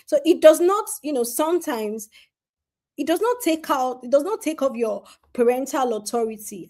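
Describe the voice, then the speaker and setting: Speaking straight to parents, a woman delivers earnest parenting advice and stresses her main points by repeating them. She has a high voice with a darkish tone.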